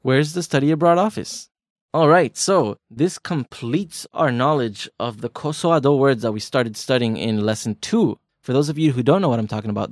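A man's voice: mid-range voice, dry recording, clean studio sound. Playful man co-hosting a language lesson. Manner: playful, teasing, explains slowly. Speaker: podcast co-host teaching Japanese. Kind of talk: casual language lesson banter.

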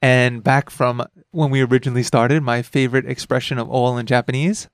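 A man's voice: fairly even intonation, brisk, dry recording, clean studio sound. A man hosting a casual language lesson, explaining words with an easy, joking manner. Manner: chatty, laughs easily, explains pitch accent.

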